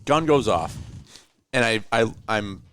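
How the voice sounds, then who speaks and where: A man's voice: on the low side, takes it slowly, smooth, no echo. A man telling a hunting story in casual chat, acting out what people said with a rising voice. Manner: animated storyteller, acts out quotes with rising voice. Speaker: hunting podcast host. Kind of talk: casual storytelling around deer camp. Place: hunting cabin.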